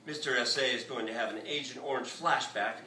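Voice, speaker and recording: A man, the author, reading his novel aloud in a bookstore with a lively, expressive delivery. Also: medium pitch, fairly quick, slight background noise. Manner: lively, expressive reading with shouted character lines. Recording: echoey bookstore from far off.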